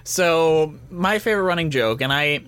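High-voiced man co-hosting a chatty podcast. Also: expressive, fairly bright tone. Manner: laughs often, reads ad breaks quickly. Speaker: podcast co-host. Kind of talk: casual chat.

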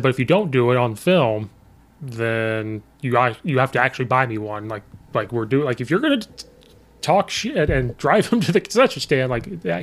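A man hosting a podcast, chatting casually and telling coaching stories, quoting his players and himself. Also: medium pitch. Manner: storytelling, quotes players and himself. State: voice sometimes hoarse from coaching. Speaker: podcast host and high school coach.

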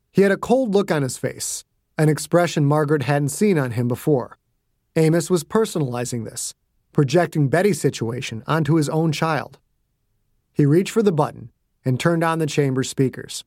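A man's voice: fairly high pitch, expressive, normal speed, darkish tone, dry recording, studio quality. A man narrating his own fiction as a scripted audiobook with dramatic delivery. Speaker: author and narrator.

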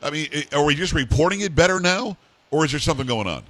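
A man's voice: on the high side, expressive, fast, a bit bright, no echo. A man hosting a talk show, rambling and playful as he puts questions to his guest. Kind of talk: casual interview chat.

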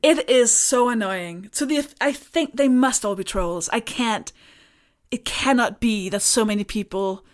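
A woman's voice: fairly high pitch, unhurried. A woman, a podcast guest, talking candidly in a casual chat with a dry, sardonic edge. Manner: candid, dry and sardonic, laughing through stories.

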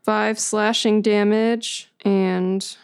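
A woman's voice: medium pitch, flat delivery, very slow, slight background noise. A woman playing a character in a tabletop game, casually calling out her attacks and rolls. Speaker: player.

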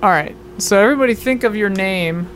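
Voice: medium pitch, a little fast, fairly bright tone, a little hiss or hum. A player chatting loosely and laughing often while sorting out characters for a tabletop game. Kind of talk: casual chat setting up a tabletop game.

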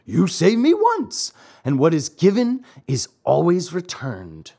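An earnest, kindly dog , as a man reads him aloud in a storybook reading. The voice sits a touch higher than a plain reader and swings lively through each line. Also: slow pace, gravelly, full character voice. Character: kindly hungry male dog. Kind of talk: audiobook character voice.

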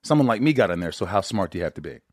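A middle-aged man from the United States hosts a podcast in a casual, joking tone. His voice sits on the low side. The sound is dry and close to the mic. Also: racing, no echo. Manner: joking, self-deprecating, animated. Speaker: podcast host. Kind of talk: casual interview chat.

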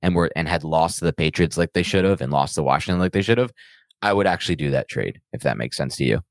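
A man co-hosting a podcast, talking in casual banter that is emphatic and animated, with defensive rants. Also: extremely low pitch, quick pace, dry recording. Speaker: podcast co-host.

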